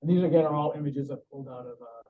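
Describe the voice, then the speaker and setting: A man's voice: medium pitch, rapid-fire. A man giving a conversational conference presentation with frequent restarts. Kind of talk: conference talk. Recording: roomy, distant, dull sound.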